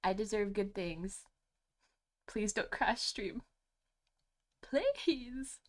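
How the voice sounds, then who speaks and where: A young woman streaming a video game, gushing and excitable, swearing freely as she talks. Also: medium pitch, takes it slowly. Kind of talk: gaming livestream commentary. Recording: faint game music behind.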